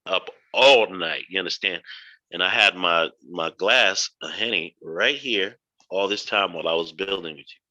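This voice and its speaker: Male stream host, blunt and profane, forceful lowish voice, dull dry lo-fi audio. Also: normal speed. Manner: blunt, profane, rhetorical questions. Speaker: live stream host teaching. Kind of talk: casual lecture on a live stream.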